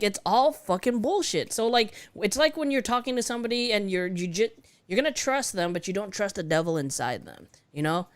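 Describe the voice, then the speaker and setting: Frustrated co-host reading chat comments. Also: male voice, high-pitched, dry recording. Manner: frustrated, swears, reads viewer comments. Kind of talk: casual podcast chat.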